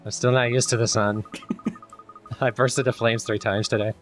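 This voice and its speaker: A man's voice: mid-range voice, moderate pace. A man hosting a let's play, cracking jokes and explaining what happened in the game. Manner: wisecracking, deadpan jokes, explains mechanics. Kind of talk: casual gameplay commentary. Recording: game music in background.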